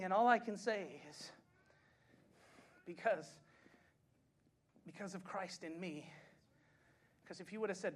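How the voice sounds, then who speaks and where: Man preaching, high voice, impassioned, shouts at peaks, chatty anecdotes. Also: unhurried, long pauses, husky. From United States. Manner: chatty anecdote-telling with frequent laughs. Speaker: pastor. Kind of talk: sermon.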